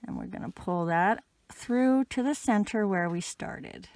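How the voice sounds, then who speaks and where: A woman with an ordinary mid-range voice explains crochet steps in a relaxed, patient way. She speaks gently and drops in an occasional "um". The recording is close and dry, with no room echo. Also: mid-range voice, measured pace. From Canada. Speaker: crochet instructor. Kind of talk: casual step-by-step tutorial.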